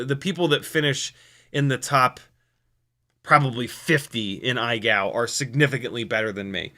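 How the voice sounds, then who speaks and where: A man's voice: mid-range voice, sharp tone. An American man hosting a drone live stream, chatting casually and reading viewer comments aloud, with many ums and restarts. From United States.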